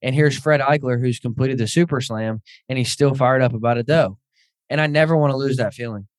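A man's voice: medium pitch, brisk, dry recording. Casting: easygoing male podcast host, dry close sound, casual and agreeable. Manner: relaxed, agreeable, uses fillers like "like" and "uh". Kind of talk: casual chat.

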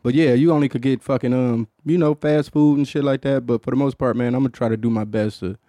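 A man's voice: mid-range voice, steady tone, fast, warm tone, dry recording, studio quality. Profane, loose-talking man hosting a podcast. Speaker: podcast host. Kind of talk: casual chat.

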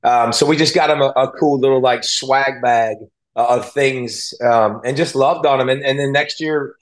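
A man's voice: medium pitch, steady tone, normal speed. A former football player and analyst, a man, talking as an interview guest, telling stories earnestly and emotionally with many restarts. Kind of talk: casual interview talk.

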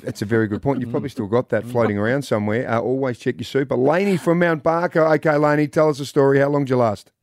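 A man's voice: mid-range voice, fast, few pauses, a little mellow, dry recording. An Australian man hosts a talkback radio show, chatting easily with callers and his co-host. His voice sits in the middle range and is recorded close and dry in the studio. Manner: chatty, jokey. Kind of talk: casual talkback radio chat. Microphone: studio microphone.

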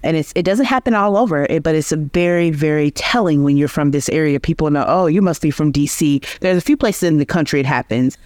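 A woman from Georgia, a linguistics researcher, explaining speech sounds in a measured, teacherly way as an interview guest. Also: low voice, darkish tone, dry recording, studio quality. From Georgia, USA. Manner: measured, teacherly, restarts phrases.

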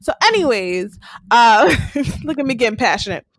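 Woman co-host, lively and expressive recap storyteller, swooping melody. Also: fairly high pitch, moderate pace, dry recording. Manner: animated storytelling, acting out character lines. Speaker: podcast co-host. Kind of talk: casual TV recap chat.

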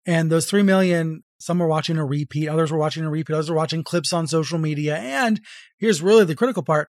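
A man who is an author and journalist, explaining in a measured, clear way as a podcast guest. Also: on the high side, dry recording, studio quality. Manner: measured, explanatory, reads quotes aloud. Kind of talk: conversational interview.

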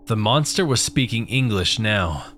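A man narrating a first-person horror story in a steady, grim telling. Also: fairly low pitch, measured pace, a little hiss or hum.

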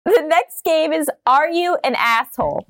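A woman's voice: high-pitched, a little slow, a bit bright. Playful woman co-host, laughing often. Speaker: podcast co-host. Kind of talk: casual podcast chat, reading game prompts.

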